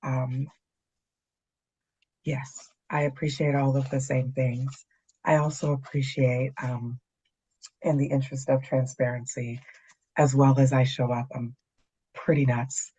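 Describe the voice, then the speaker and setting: A woman's voice: a bass voice, flat delivery, a little slow, long pauses, mellow, slightly rough, highs cut off. A middle-aged woman from Canada, speaking as a guest in a casual conversation, candid and dryly funny. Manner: candid, dry humor.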